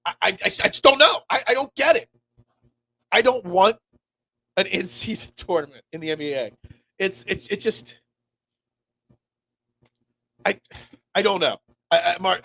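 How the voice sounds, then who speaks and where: A man's voice: sits high, a bit bright. A man in his forties from Pennsylvania, hosting a casual sports talk show. He is feeling sick, rambles, and stammers through many restarts. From Pennsylvania, USA. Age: 40s. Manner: rambling, stammers and restarts, reads and answers chat. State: sick, congested.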